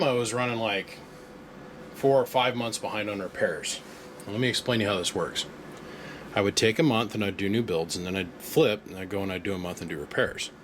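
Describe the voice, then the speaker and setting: A man's voice: fairly low pitch, a bit bright, slight background noise. A man who runs a repair shop, telling a story in a casual, folksy way with slang in his workshop. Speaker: amplifier repair shop owner. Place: workshop with shelving units.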